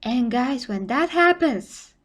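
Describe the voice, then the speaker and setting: A woman's voice: sits high, lively intonation, slow pace. A young woman from Bulgaria with a Bulgarian accent, chatting casually with viewers on a live stream, rambling and full of "you know" fillers, her voice getting tired from long talking.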